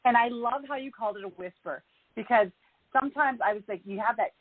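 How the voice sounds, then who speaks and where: A woman's voice: a little high, fast talker, no echo. A woman hosting an interview show, responding with enthusiastic, affirming comments. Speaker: host. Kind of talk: interview chat. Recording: phone-like dry call audio.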